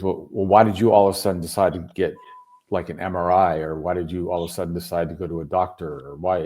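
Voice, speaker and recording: A man telling his story as a guest in a casual chat, animated and swearing freely. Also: sits low. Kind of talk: casual video call chat. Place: home in Berlin.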